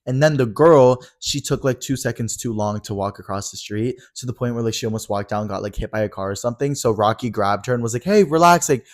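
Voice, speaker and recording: A young man co-hosting a podcast, retelling a night out in a fast, animated casual chat. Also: fairly low pitch. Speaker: podcast co-host.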